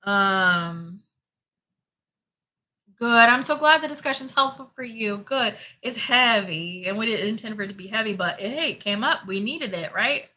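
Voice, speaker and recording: A woman's voice: mid-range voice, animated, unhurried, bright, forceful tone. A woman hosting a spirituality livestream, chatting casually and reading out viewer comments, emphatic and prone to repeating herself.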